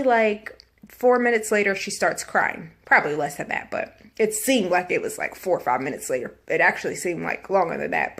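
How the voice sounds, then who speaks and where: A young woman talks straight to her viewers in a casual storytime vlog. She chats loosely, filling pauses with "like" and "um", and slips into little acted-out quotes of her own past words. Her pitch sits at an ordinary middle height for a woman. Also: a bit bright. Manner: chatty, filler-heavy retelling, acts out her own past panic in quotes. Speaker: vlogger.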